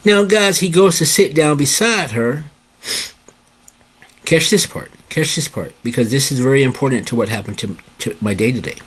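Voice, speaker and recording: An older man telling a story in a casual, animated way, often checking in with "okay?" and addressing his viewers as guys. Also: medium pitch, normal speed, breathy edge. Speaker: host.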